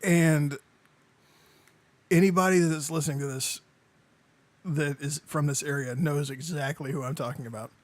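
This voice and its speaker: A man co-hosting a casual podcast who picks his words with care and hedges often. His voice sits a little high for a man. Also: steady tone, normal speed, long pauses. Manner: careful, hedging storyteller. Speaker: EMS podcast co-host. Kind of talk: casual storytelling chat.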